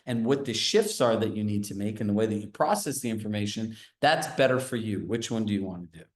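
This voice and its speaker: A man's voice: on the low side, expressive, fast, lightly acted. A man voicing a blunt, demanding male manager who speaks directly and matter-of-factly. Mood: calm. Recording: roomy echo.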